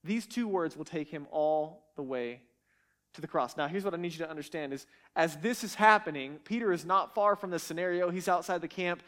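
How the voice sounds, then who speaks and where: A man with a high, light voice teaching from the Bible. He speaks earnestly and emphatically, often stumbling over repeated words as he pushes ahead. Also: a little fast, a bit bright.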